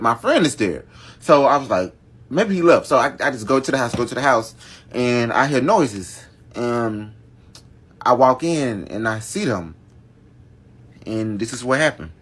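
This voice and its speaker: A storytime vlogger, male, spins a long family tale in a casual, dramatic style, speaking directly to his viewers. His voice sits in the mid-range with a slightly bright tone.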